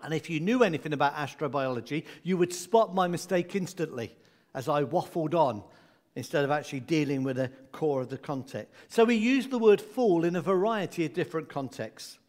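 Chatty preacher with a light, raised voice. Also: male voice, on the high side, lively intonation, a little fast, a little mellow. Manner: conversational and humorous, with asides. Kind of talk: sermon.

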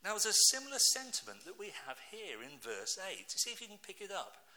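Middle-aged British preacher, man, sharp bright voice, lively anecdotal sermon delivery. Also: high-pitched, a little fast. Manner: lively storytelling, asks the congregation rhetorical questions.

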